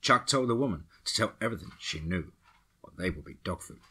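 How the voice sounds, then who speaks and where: A man narrating a dark action story for a horror podcast with a steady, dramatic delivery. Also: sits low, brisk, slightly rough.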